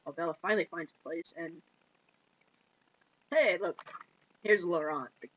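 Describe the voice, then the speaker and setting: A woman retelling a film plot in casual chat, giggling and slipping into quick put-on voices for the characters. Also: on the low side, fairly bright tone, a little hiss or hum, poor audio. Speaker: movie reviewer.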